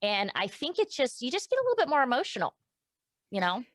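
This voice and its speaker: A woman's voice: high-pitched, wildly swooping pitch, quick pace, no room sound. A middle-aged woman guest speaking candidly and emotionally in a casual interview, with many restarts and fillers. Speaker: podcast guest.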